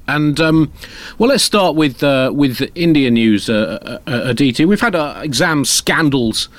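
A man's voice: medium pitch, sing-song, measured pace, few pauses. Wry man hosting a comic news show. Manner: playful, wry, hesitant fillers. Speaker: host. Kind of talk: comedic news chat.

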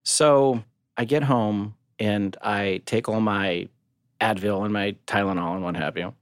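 A man's voice: lowish voice, fairly even intonation, unhurried, clean tone, dry recording, studio quality. A middle-aged man talking candidly and bluntly as a podcast co-host, swearing freely and speaking with emphasis. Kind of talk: candid personal talk.

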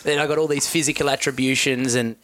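A man's voice: medium pitch, steady tone, fast talker, a bit bright. A man, a weightlifter, telling stories and chatting casually on a podcast, laughing often and slipping into mock voices. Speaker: weightlifter guest.

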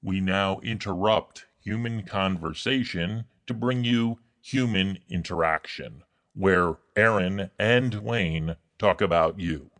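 A booming, unhurried announcer voice, put on by a man, all mock-formal grandeur. He sits very low and drags every word out slowly. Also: a bit bright, heavily acted. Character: deep slow male show announcer.

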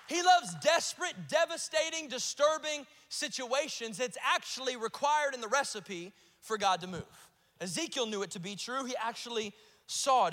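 A pastor from South Carolina with a Southern accent, preaching a sermon with emphatic repetition and rising peaks. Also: male voice, sits high, bright, forceful tone. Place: large church auditorium. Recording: live sermon with long hall reverb.

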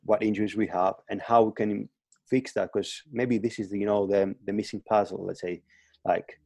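Low, mellow man on a remote call. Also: steady tone, normal speed, vocal fry, dry recording. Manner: hesitant, many restarts and repeated words. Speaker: guest fitness coach. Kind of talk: casual podcast interview. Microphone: remote call, line breaking up.

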